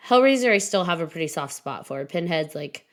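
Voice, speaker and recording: A woman hosting a horror podcast, chatting in a giggly, animated way and telling little stories. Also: on the low side, fairly quick. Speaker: podcast host. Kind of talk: casual chat. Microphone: livestream video call.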